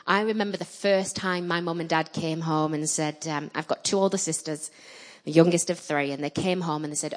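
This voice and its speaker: A woman in her thirties preaching a sermon, telling personal stories with animated, emphatic delivery. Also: fairly quick. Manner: animated storytelling, rising loud and emphatic at high points.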